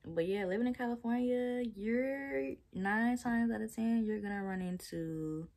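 Gravelly-voiced young Southern woman chatting. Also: a little high, a little slow, a little mellow. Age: 20s. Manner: chatty, laughing, playful asides to viewers. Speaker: vlogger. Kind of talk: casual chat while taking down twists.

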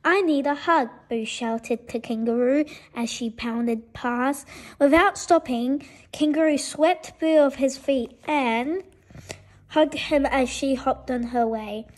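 A woman reading a bedtime story to children in a gentle, expressive way. Her voice is high and she takes her time over every line, stumbling now and then. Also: slow pace. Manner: gentle and expressive, with small slips. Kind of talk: bedtime story read-aloud.

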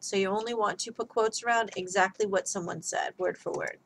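A woman's voice: mid-range voice, fairly quick, few pauses, poor audio. Woman explaining punctuation, laid back, walks thru examples on screen. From United States. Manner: casual, talks through examples on screen. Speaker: writing instructor. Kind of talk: recorded grammar lesson.

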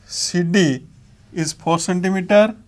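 A man's voice: high voice, a little slow, darkish tone. A man with an Indian English accent, teaching a maths lesson step by step while writing on a board.

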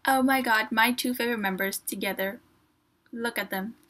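A woman vlogger with a slightly high voice talks casually through an unboxing. She gushes with excitement, reads printed lines aloud, and now and then drops to a soft near-whisper. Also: moderate pace. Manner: gushing, excitable fan talk.

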